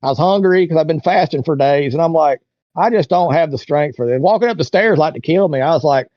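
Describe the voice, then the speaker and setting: In this clip, a man being interviewed rambles through a long story, folksy and casual, peppering it with "you know" and "like." He talks fast in a fairly high voice; there's no echo, and the high frequencies are missing.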